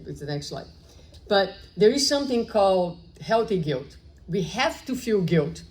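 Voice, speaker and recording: A woman's voice: medium pitch, a little mellow, poor audio. A woman giving a public spiritual lecture in a conversational way, often asking rhetorical questions and tagging "right?". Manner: acts out short dialogues in her story.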